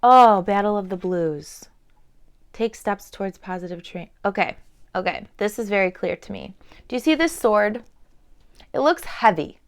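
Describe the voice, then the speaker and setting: A woman in her thirties doing an intuitive oracle card reading to camera, chatting in a meandering way with fillers, and sometimes dropping to soft murmurs. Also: mid-range voice, expressive, normal speed. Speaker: tarot and oracle card reader.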